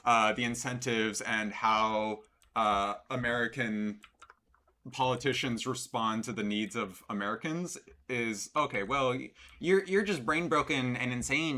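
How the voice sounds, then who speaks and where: A man's voice: medium pitch, measured pace, pushed and bright. A man streaming live, reacting to a clip with sarcastic, rambling commentary full of fillers.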